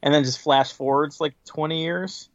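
Podcast co-host, male, mid-pitched, rambly and unprepared; dry, muffled lo-fi recording. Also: fairly even intonation, normal speed, no echo. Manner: rambling, unprepared, lots of fillers. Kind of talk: casual chat.

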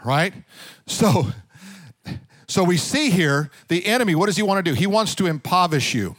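A man preaching a sermon, telling a Bible story with lively asides and putting direct questions to his congregation. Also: high voice, moderate pace, no echo, studio quality. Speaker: pastor.

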